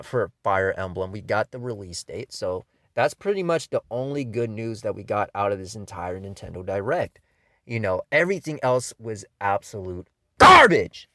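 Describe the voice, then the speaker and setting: A video game commentator rants angrily and profanely about games, his exasperated talk packed with "you know" and "man." His voice is mid-pitched and a little bright, captured in a dry, studio-quality recording.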